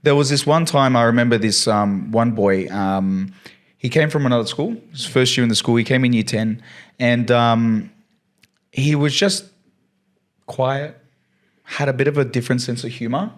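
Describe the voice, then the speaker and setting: At a moderate pace and medium pitch, a science teacher on a podcast earnestly tells a long story. His telling is casual and rambling, full of fillers.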